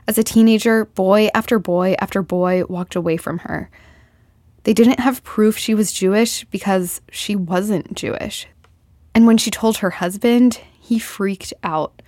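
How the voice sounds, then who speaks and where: A woman's voice: medium pitch, darkish tone, no room sound. Woman narrating a documentary, dry sound. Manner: measured, explanatory.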